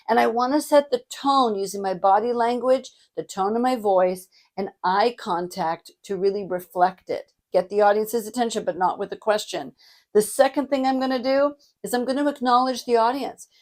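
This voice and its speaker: Woman coaching on public speaking. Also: medium pitch. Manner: demonstrative, shifts between energetic hype and soft warm tones. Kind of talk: coaching lesson to camera.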